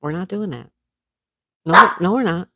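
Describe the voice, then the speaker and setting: A woman's voice: lowish voice, expressive, unhurried, no echo. Chatty woman greeting her viewers. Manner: chatty, greets viewers by name, scolds her dog gently. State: clearing throat, sore throat coming on. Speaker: livestream host. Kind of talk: casual chat with live viewers.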